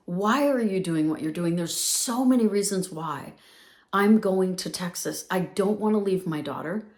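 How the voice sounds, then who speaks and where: A woman's voice: mid-range voice, moderate pace, darkish tone. A woman in her fifties hosting a motivational podcast, talking in an upbeat, emphatic way and repeating phrases for effect. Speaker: podcast host.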